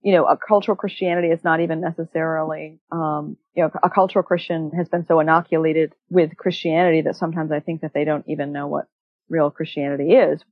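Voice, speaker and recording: A woman talking earnestly as a guest in a conversational interview, animated and often restarting her sentences. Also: low voice, quick pace, lo-fi sound.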